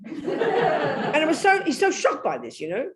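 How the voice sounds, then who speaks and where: An older woman with an English accent giving a blunt, animated Buddhist talk, telling stories and breaking into sudden loud bursts. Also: sits high, a little slow, crowd noise. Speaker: Buddhist nun teacher. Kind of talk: Dharma talk.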